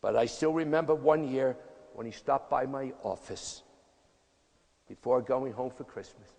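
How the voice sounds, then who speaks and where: This octogenarian tennis coach gives a motivational talk that's folksy, emphatic and punchy, his mid-range voice gravelly and dark and his delivery unhurried. Hall reverb makes the recording echoey.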